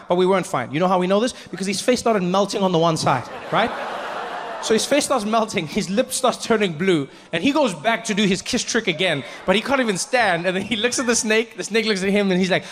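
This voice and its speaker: High-voiced animated man doing stand-up. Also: fairly quick, slight background noise. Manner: animated, lots of voices, punchy asides. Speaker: stand-up comedian. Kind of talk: stand-up storytelling.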